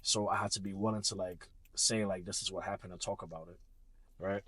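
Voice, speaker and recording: A man's voice: low-pitched, steady tone, a little fast, fairly bright tone, breathy edge. A young man, a podcast guest, talking candidly and reflectively about marriage in casual conversation, with frequent fillers.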